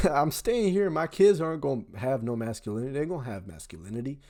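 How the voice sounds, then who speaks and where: A man's voice: mid-range voice, expressive, fast, warm tone. A young man hosting a reaction video, talking in a casual, emphatic, slangy way. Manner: emphatic, slangy, keeps saying "bro".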